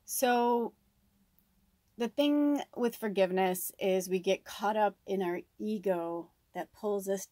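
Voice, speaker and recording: A woman, a spiritual medium and tarot reader, talking casually to camera in a chatty, giggly, expressive way with many fillers. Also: medium pitch, no echo.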